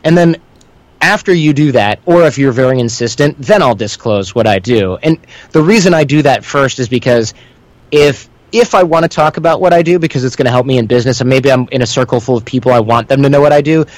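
A man's voice: mid-range voice, fairly quick, dry recording, low-quality recording. A man in a loose, rambling guest spot, drifting from point to point as he tells stories. He slips into other people's voices when he quotes them. The recording is dry and close, with no room sound. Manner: rambling, self-described windbag; acts out quoted voices within anecdotes. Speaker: guest, instructor. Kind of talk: conversational storytelling.

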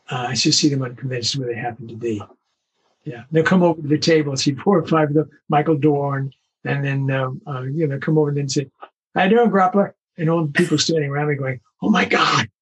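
An older man, a veteran voice actor, telling stories in an interview with lively acted-out quotes. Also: on the high side, breathy edge, poor audio. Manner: animated anecdotes, acts out quoted voices. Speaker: voice actor guest. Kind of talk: storytelling interview.

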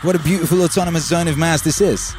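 A man's voice: on the high side, fairly even intonation, quick pace, darkish tone, a little hiss or hum. Laid-back man hosting a livestream. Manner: laid-back, rambling, calls listeners baby. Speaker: livestream host reading chat. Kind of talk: casual livestream chat. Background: faint music.

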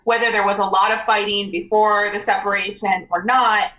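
A woman's voice: mid-range voice, level tone, moderate pace, sharp tone, echoey room, far from the mic, dull audio. A woman in casual conversation, thoughtfully explaining ideas as a co-host. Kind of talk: casual chat.

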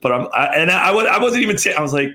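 Profane, animated man in casual chat. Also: very fast. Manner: loose, profane, laughing, swinging pitch. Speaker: podcast co-host.

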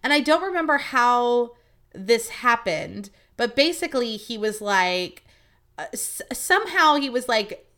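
A woman's voice: on the high side, lively intonation, measured pace, pushed and bright. A young woman hosting a podcast, telling stories in a chatty, profane, casual monologue. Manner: chatty, profane, acts out quoted voices. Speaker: podcast host.

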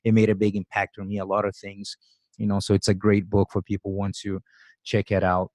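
A man hosts a podcast and asks questions in a casual, easygoing way. His voice sits low, and the close, dry recording has no room echo. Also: fairly quick. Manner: relaxed, casual, many fillers and acknowledgements. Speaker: podcast host. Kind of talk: conversational interview.

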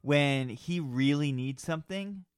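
A man's voice: fairly high pitch, measured pace, clear, resonant tone, no room sound, studio quality. A man co-hosting a podcast, speaking earnestly and reassuringly, with some playful teasing, in casual conversation. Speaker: podcast co-host.

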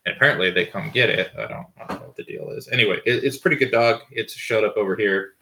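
A man's voice: on the low side, fast, pushed and bright. A man in his thirties hosting a podcast from home, telling rambling stories with lots of fillers and swearing. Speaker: podcast host. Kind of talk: casual storytelling monologue. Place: home with dogs barking nearby.

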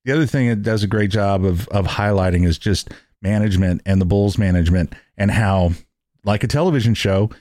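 A man's voice: lowish voice, a little fast, a little mellow, no echo, clean studio sound. A man hosting a casual podcast chat, rambling and correcting himself as he talks. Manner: rambling, restarts and self-corrections.

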